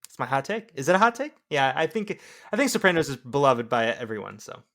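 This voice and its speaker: A man co-hosts a casual movie podcast, joking around and tossing out quick opinions. He speaks in an everyday, mid-pitched voice. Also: sing-song, a bit bright. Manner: jokey, offers hot takes. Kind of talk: casual film discussion.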